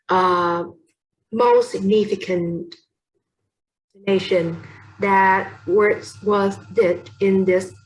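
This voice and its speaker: A woman's voice: mid-range voice, low-quality recording. A young woman with a Vietnamese accent gives a class presentation on poetry, hesitating often with fillers and correcting herself as she goes.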